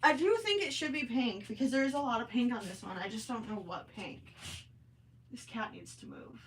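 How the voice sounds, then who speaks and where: A woman's voice: a little high, expressive, quick pace, slight background noise. A woman with a Minnesotan accent hosting a casual livestream from home, chatting with viewers, reading their comments and often apologizing with a self-deprecating tone. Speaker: livestream host. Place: home, indoors.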